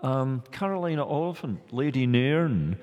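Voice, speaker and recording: A man's voice: medium pitch, expressive, unhurried, darkish tone, muffled recording. A male academic speaking on a panel, hesitant and full of restarts. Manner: hesitant, many restarts and fillers. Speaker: guest academic. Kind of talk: panel discussion. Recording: long hall reverb.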